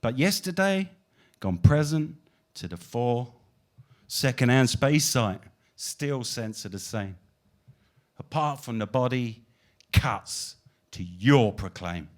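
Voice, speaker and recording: Man declaiming poetry with lively pitch. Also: takes it slowly, pauses often. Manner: dramatic recitation with big swings in loudness and pitch. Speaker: guest poet. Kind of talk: spoken-word poetry performance.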